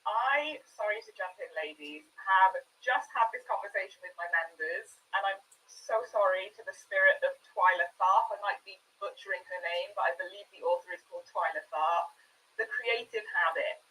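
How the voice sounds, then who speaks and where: A woman's voice: mid-range voice, moderate pace, sharp tone, recorded from a distance, poor audio. A woman with a Welsh accent chatting enthusiastically on a video call as a sewing panelist. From Wales. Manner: chatty, enthusiastic, self-deprecating. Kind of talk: casual video-call chat.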